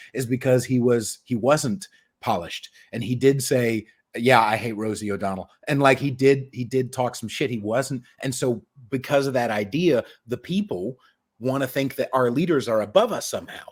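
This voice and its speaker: A man with a medium-pitched, breathy-edged voice hosts a podcast from a home studio in New York. The chat is casual and rambling, full of jokes and cursing.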